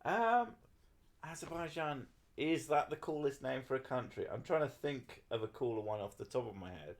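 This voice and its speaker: Man, tipsy, silly, laughing, lively pitch. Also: normal speed. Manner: silly, laughing, deadpan mock reading. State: a bit drunk. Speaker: streamer. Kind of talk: tipsy casual stream chat.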